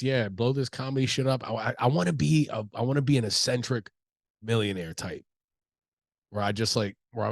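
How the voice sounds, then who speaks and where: A man's voice: medium pitch, darkish tone, no echo. A man in his thirties, stuffy from allergies, talking casually and profanely in a loose, rambling way as a comedian hosting his own show. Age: 30s. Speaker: comedian podcast host. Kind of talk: casual solo talk.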